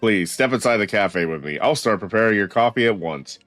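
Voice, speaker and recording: A man's voice: on the low side, expressive, brisk, fairly bright tone, dry recording, soft background music. A man voicing a polite old male former barista in a hammy mock French accent, reading game dialogue aloud. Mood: courteous.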